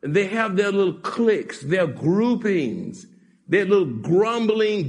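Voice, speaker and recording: A man preaching a sermon with a high, lively voice that leaps up and drops down. He moves from shouting to hushed asides and laughs often. His has a sound. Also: takes it slowly. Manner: animated preaching, swings from shouts to near-whispers, laughs often. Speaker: pastor.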